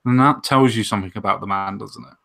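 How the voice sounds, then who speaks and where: A man in casual online group chat, talking quickly with sarcastic, self-mocking humor. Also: lowish voice, creaky, pushed and bright. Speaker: guest YouTuber on a panel chat.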